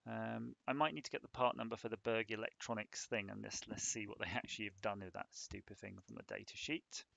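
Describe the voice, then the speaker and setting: A man's voice: on the low side, steady tone, fairly quick, gravelly, a bit bright, no echo. A man on a casual live stream, rambling and joking while he thinks aloud about a hardware design.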